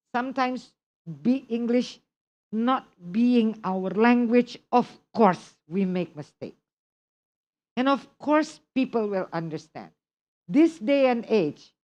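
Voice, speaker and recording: Indonesian-accented lady teaching english, slow and chatty, kinda dull lo-fi sound. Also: mid-range voice, darkish tone. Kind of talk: classroom lesson.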